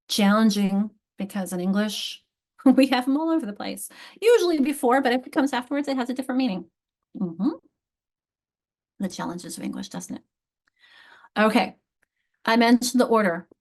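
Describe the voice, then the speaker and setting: A woman runs a literacy training for teachers, thinking aloud as she goes. Her voice sits in a middle register, and she often stops and restarts a phrase. She closes her points with little tag questions. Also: medium pitch. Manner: animated, many restarts and fillers. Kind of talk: live teacher training lecture.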